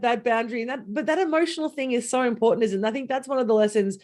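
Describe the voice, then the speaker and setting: An animated woman co-hosting a casual chat on a video call, acting out quoted voices and laughing. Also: a little high, brisk. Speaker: co-host.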